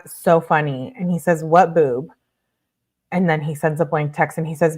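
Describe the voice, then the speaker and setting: A low-pitched woman reads out a couple's text messages line by line. She breaks in with blunt, judgmental comments and swears casually as she goes. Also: normal speed. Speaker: true-crime commentator.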